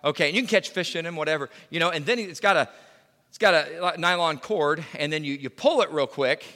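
A man's voice: a little high, a little fast, sharp tone, long reverb tail. A male pastor preaching a sermon in a conversational way, full of fillers and restarts. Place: church sanctuary.

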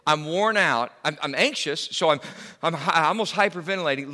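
A middle-aged man preaching a sermon, telling a personal story in an animated way, repeating words and bursting into loud cries. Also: a little high, fairly quick. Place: church hall. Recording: reverberant hall.

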